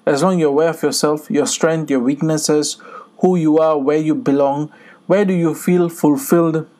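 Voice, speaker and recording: A man's voice: fairly high pitch, fairly even intonation, moderate pace, warm tone. A man co-hosting a podcast in casual chat, speaking earnestly with many fillers and restarts. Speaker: podcast co-host.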